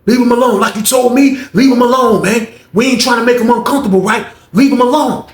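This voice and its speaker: A man putting on a cocky prison inmate who taunts loudly in a high, piercing voice. He swears freely and pushes every line hard. The sound rings in a roomy space. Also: sing-song, unhurried, creaky, far from the mic, full character voice. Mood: insistent. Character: loud defiant male inmate, swaggering, taunting. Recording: roomy echo.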